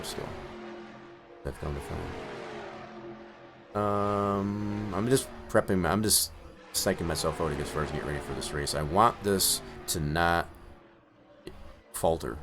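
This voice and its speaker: A man commenting on his own sim-racing session in a live stream, with excitable outbursts and rambling asides. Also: low voice.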